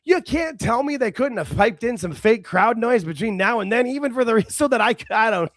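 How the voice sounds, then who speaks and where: Man, high voice, excitable, bursty casual talk, dry sound. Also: brisk, dry recording. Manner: excitable, talks in bursts with laughs and restarts. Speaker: podcast co-host. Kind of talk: casual wrestling chat.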